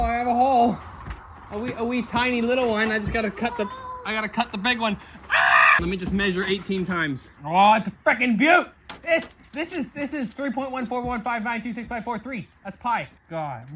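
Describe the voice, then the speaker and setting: A man's voice: high voice, noisy background. A man vlogging casually while working on his van, joking and talking to himself as he goes. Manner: excitable, joking, talks to himself as he works.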